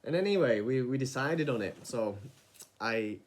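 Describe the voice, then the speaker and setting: A man's voice: medium pitch, moderate pace. Rambling man telling a story. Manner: rambling, animated retelling with frequent restarts and casual swearing. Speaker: vlogger. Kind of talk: casual storytelling monologue.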